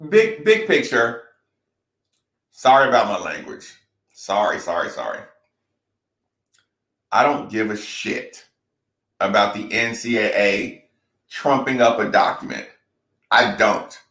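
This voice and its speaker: A man's voice: fairly low pitch, big pitch swings, slow pace, pauses often, fairly bright tone, reverberant. A man speaking bluntly and emphatically in a candid talk-show conversation, repeating his points and swearing freely.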